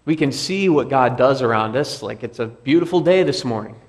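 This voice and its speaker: A pastor giving a sermon in a church, speaking conversationally and repeating key phrases for emphasis. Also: male voice, medium pitch, expressive, fairly quick. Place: church sanctuary.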